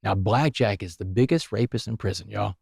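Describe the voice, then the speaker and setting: A man, a podcast guest telling his story in an animated, emphatic way. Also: fairly low pitch, a little fast, vocal fry, breathy edge, no room sound, studio quality. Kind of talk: storytelling interview.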